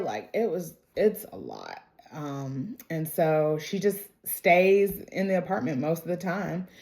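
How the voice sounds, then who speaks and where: A woman's voice: deep voice, a little mellow. A young adult woman casually recapping a TV episode, chatty and full of "like" and "you know," retelling scenes by quoting the characters. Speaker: show recap vlogger.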